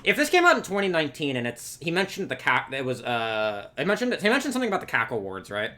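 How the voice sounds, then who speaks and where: A man's voice: a little high, huge pitch swings, quick pace, sharp tone, faint music behind. A man from Texas giving casual, rambling reaction commentary, laughing and swearing often. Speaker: reaction video creator.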